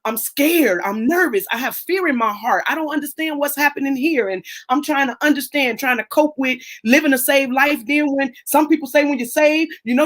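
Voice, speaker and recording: This is a woman with a fairly high voice hosting a casual talk show over a video call. She speaks with lively, animated energy, slipping into the voices of the people she quotes and circling back over her words as she builds a point. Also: moderate pace, few pauses. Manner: animated, acts out quoted voices, repeats herself. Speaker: host of a live chat. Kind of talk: casual chat.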